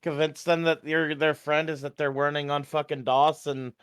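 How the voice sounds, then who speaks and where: A man playing in a tabletop game, chatting casually, swearing freely and thinking out loud. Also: a little high, level tone, normal speed, smooth, no echo. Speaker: player.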